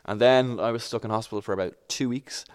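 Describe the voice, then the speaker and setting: A man's voice: medium pitch, fast talker, clear, resonant tone. A young Irish man from Dublin, guest on a chat show, telling a long anecdote and acting out the voices in it. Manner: animated, acts out voices in his anecdote. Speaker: podcast guest. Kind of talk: casual storytelling.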